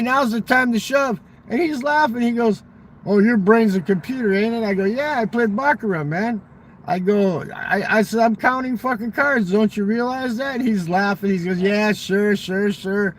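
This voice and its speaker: A man's voice: extremely high pitch, a little hiss or hum. A man in casual chat, animatedly telling profane stories and acting out the dialogue. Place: fast-food restaurant.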